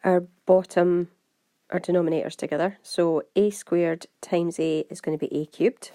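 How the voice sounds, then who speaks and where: A woman's voice: on the low side, fairly even intonation, dark tone, dry recording. A woman with a Scottish accent, a maths teacher working through exam questions step by step and talking straight to her students. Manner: brisk, step-by-step, talks to students directly. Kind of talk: exam walkthrough lesson.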